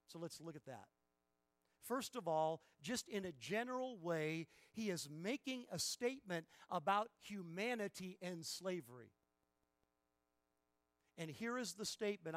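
Slow emphatic preaching man. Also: sits high, no echo. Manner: emphatic preaching, swings from soft to loud bursts. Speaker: pastor. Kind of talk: sermon.

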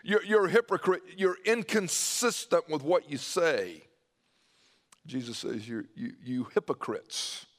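A man preaching a sermon, swinging his pitch and loudness and dropping to a hushed voice when he quotes. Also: lively intonation, unhurried. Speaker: pastor.

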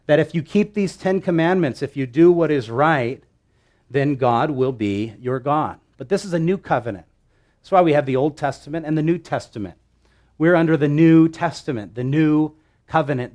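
A male pastor preaching a sermon, teaching with lively asides and rhetorical questions to his listeners. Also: mid-range voice.

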